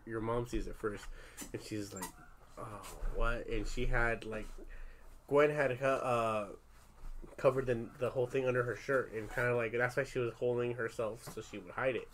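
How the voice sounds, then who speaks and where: A man's voice: mid-range voice, slight background noise. A man in his thirties, a parent chatting casually with his family, telling a story candidly, with lots of swearing and fillers. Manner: candid, profane, animated storytelling. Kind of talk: casual podcast chat with family.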